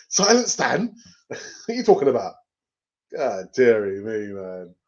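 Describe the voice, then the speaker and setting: Man, casual live-stream host, laughs a lot, lively pitch, lo-fi sound. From North London. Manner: chatty, laughs often, does quick voices. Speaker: fan channel host.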